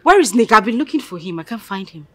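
A pleading daughter. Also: female voice, medium pitch, sing-song, quick pace, sharp tone. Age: young adult. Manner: pleading, emotional, argumentative. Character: young adult daughter, headstrong and pleading.

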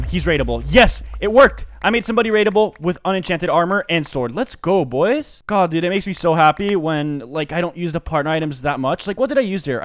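Male gamer, live commentary, slangy, excitable, fairly high voice, quick bursts of yelling. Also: slight background noise. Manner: excitable, swings from muttering to loud outbursts; slangy, says dude and bro a lot. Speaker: gaming commentator.

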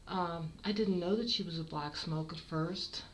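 A middle-aged woman, a longtime cat breeder, showing off kittens in a fond, unhurried way. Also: lowish voice, slight background noise, rough recording. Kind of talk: casual kitten showcase.

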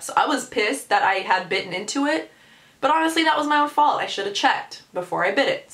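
A woman in her twenties telling a story on her vlog in an animated, sarcastic way. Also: fairly high pitch. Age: 20s. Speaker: vlogger. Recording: echoey room sound.

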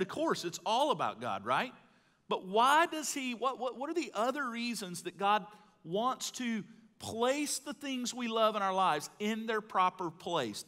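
A middle-aged man from Mississippi, preaching a live sermon in a folksy storytelling way that swings between loud and hushed. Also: high-pitched. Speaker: pastor. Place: large church hall. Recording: live hall with long reverb.

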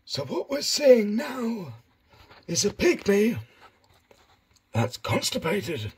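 A man mimicking a hushed wildlife documentary narrator. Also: sits high, huge pitch swings, breathy edge, pitched above the performer's own voice, heavily acted. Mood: mock-serious. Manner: measured, hushed wildlife commentary.

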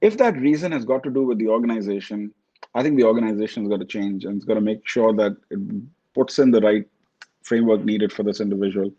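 A man from Pakistan, a company chief, answering interview questions in a measured corporate way, often restarting his words. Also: lowish voice, warm tone, slightly rough, lo-fi sound. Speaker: CEO guest.

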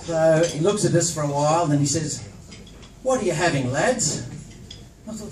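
A man's voice: a little high, normal speed, long pauses. An Australian man in his sixties giving a humorous after-dinner speech at a reunion, telling stories with frequent chuckles. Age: 60s. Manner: jovial storytelling, chuckles often. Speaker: reunion speaker. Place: large function room at a dinner. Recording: echoey hall from far off with crowd.

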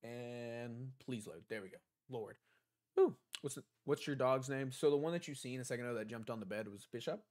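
A man's voice: mid-range voice, brisk, darkish tone. A young man live streaming a video game from his home desk, chatting casually and answering viewers' questions. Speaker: gaming streamer. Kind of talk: live stream chat while gaming. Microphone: desk mic.

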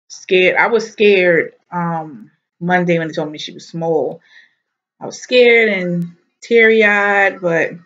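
Pregnant young woman rambling on a vlog, kinda low voice, stuffy nose, bit out of breath, muffled lo-fi sound. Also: fairly bright tone. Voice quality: nasal, stuffy. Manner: chatty, rambling, frequent ums and likes. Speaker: vlogger. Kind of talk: casual pregnancy update vlog.

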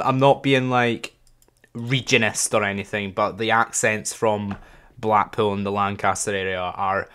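A young man talks casually over gameplay, musing aloud as he guesses. His voice is fairly low, and his delivery is relaxed and self-deprecating. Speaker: gaming channel host.

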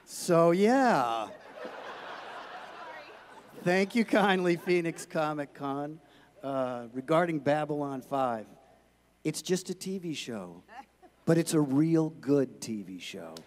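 A man actor speaking on a convention panel in a folksy, measured, courteous way. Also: fairly high pitch, lively intonation. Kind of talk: short panel remarks. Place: convention hall.

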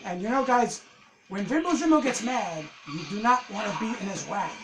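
Excitable ranting man, high lively voice. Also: normal speed, noisy background. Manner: excitable, swearing, ranting at the game. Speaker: gameplay commentator. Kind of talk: casual let's-play commentary.

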